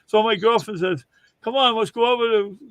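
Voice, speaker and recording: A man's voice: high-pitched, brisk, fairly bright tone, clear, resonant tone, dry recording. A man casually telling long, rambling funny stories on a livestream and laughing as he goes. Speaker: livestream host. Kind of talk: casual storytelling chat.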